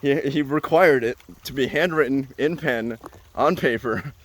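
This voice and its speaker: A young adult man hosts a podcast, telling a story in a relaxed yet animated way and repeating phrases for emphasis. His voice is mid-range and his pace unhurried.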